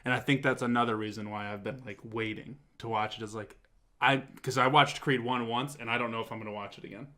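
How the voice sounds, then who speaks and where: A man co-hosting a casual talk show, telling a story in an excitable, animated way and swearing often. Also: mid-range voice, fast talker. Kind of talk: casual chat.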